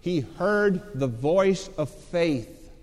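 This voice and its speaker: A man's voice: a little high, lively intonation, very slow, darkish tone. A man preaching a sermon, telling a story dramatically and acting out the voices of its people. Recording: long hall reverb.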